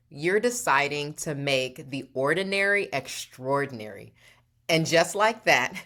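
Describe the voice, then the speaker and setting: Playful animated woman host. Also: deep voice. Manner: playful and theatrical, calls listener darling, laughs often. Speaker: podcast host. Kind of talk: upbeat motivational talk.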